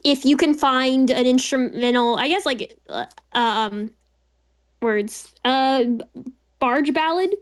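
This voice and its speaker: A woman's voice: high voice, takes it slowly. A woman playing a tabletop game, chatting casually and giggling often. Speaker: player.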